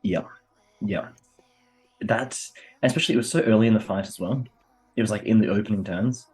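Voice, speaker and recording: Husky low man with a sore throat. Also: soft background music. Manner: quiet, measured, speaks close to the mic. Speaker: co-host and player. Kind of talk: casual livestream chat.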